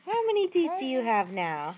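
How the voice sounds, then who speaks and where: A woman coos at her baby in slow, drawn-out baby talk. Her voice sits high and swoops wildly up and down in a playful, coaxing sing-song. It sounds like a home video with clear background noise. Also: wildly swooping pitch. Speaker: parent talking to a baby.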